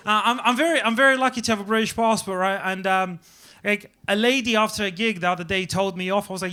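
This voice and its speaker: Bright-voiced young man doing stand-up. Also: high-pitched, quick pace, clear, resonant tone. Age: young adult. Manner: animated storytelling, acts out quoted voices. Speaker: stand-up comedian. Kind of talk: stand-up comedy set. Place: comedy club stage with live audience.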